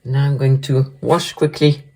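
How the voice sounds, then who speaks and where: Chopping vegetables in her home kitchen, a cooking video host from France chats eagerly to the viewer in a French accent. Her voice is extremely low with little pitch movement, a measured pace, and a slightly mellow quality.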